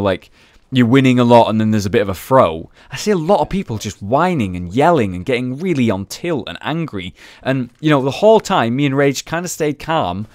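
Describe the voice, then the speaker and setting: A man's voice: mid-range voice, dry recording. A young man chatting casually over gameplay footage, recapping rounds and swearing freely. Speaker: gaming video host.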